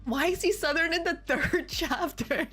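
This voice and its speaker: A woman's voice: very high voice, unhurried, a bit bright, faint music behind. A young woman hosting a comedic fanfic read-through, dropping incredulous, laughing asides between passages. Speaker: host reading fanfic aloud. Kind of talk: comedic reading and commentary.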